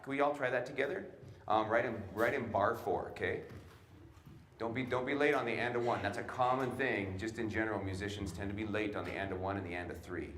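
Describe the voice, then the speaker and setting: A man coaching a student jazz band in a large concert hall, giving brisk instructions and scatting the rhythms he wants. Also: on the low side, a bit bright, slight background noise. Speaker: jazz clinician. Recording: roomy hall with band behind.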